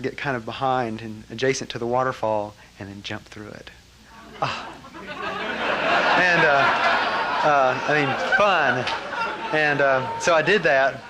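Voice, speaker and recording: Animated man telling a story. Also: mid-range voice, noisy background. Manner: animated, laughs often, trailing fillers. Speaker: speaker recounting a memory. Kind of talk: personal anecdote to a live audience.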